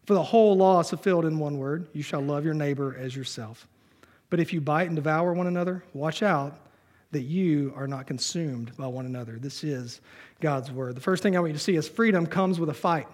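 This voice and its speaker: Man, high voice, pastor, sermon, reads scripture, joking asides, church. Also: a little fast, darkish tone. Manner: conversational preaching with humor, reading scripture aloud.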